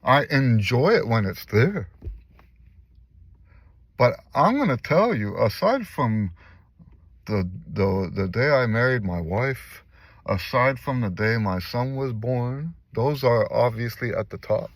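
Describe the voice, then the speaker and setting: A man's voice: medium pitch, animated, takes it slowly, no echo. An older man, talking in a casual personal vlog and speaking earnestly, repeating phrases for emphasis. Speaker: vlogger and musician. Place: in a car.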